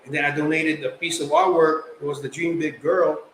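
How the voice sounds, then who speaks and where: A young man from the Philippines, a guest artist telling stories in casual chat, animated and slangy. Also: on the high side, brisk. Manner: animated, slangy, acts out quotes. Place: podcast studio. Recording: roomy echo, faint background noise.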